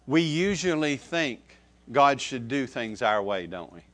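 A man preaching a sermon, who stresses key words loudly, then drops to soft, low asides and repeats phrases to his listeners. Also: very animated, unhurried. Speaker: pastor.

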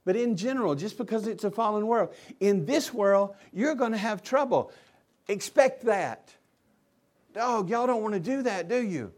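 A pastor preaching with a fairly high voice. He talks with passion, going from loud and pressing to low and quiet. His delivery is fervent and direct. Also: animated, normal speed. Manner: impassioned, swings from loud to hushed. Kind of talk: sermon.

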